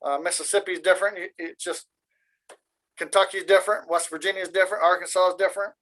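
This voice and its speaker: A man's voice: sits high, steady tone, fast, fairly bright tone, low-quality recording. A man from Michigan chatting casually on a video call, rambling and joking in an easygoing way. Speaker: meeting participant. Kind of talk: casual chat.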